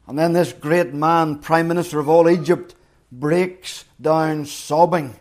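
Dramatic storytelling preacher, a man. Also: a little high. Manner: storytelling, dramatic retelling with acted quotes. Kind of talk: sermon.

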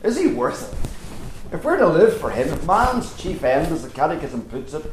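A man's voice: fairly high pitch, sing-song, normal speed, slight background noise. Male preacher, earnest and emphatic, rhetorical questions; echoey church with faint ambience. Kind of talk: sermon.

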